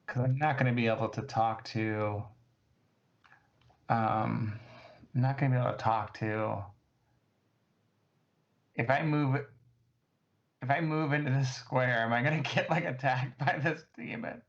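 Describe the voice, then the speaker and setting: A man's voice: mid-range voice, fairly even intonation, measured pace, long pauses. A man playing a tabletop game, rambling with many fillers. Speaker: player. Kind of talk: casual tabletop play. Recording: dull lo-fi mic.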